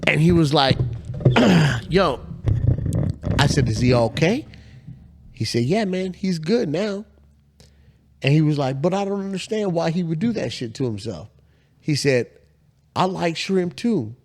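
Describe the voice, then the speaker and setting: A man co-hosting a casual podcast, telling work stories full of swearing. His voice rises and falls widely, and his pitch sits a little high for a man. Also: measured pace, long pauses, slightly rough. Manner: animated, profane, laughs hard while telling stories. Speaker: podcast co-host. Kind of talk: casual storytelling chat.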